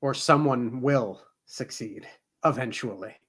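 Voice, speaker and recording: A man co-hosting a casual book discussion, measured and dryly joking. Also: mid-range voice, fairly bright tone. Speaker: book club co-host.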